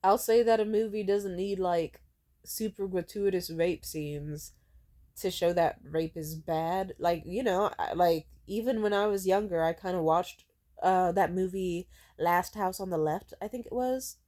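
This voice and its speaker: A woman's voice: fairly low pitch, measured pace, mellow. A young woman ranting casually to camera, sarcastic and full of fillers, mocking the comments she quotes. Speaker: video creator.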